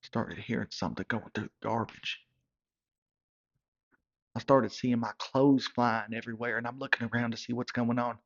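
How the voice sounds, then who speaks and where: Here a thirty-something man narrates as a comic character, drawling like a hillbilly and tripping over repeated words as the story wanders. His voice is mid-range with fairly even intonation at a normal speed, and he pauses often. It's captured on a dull lo-fi recording.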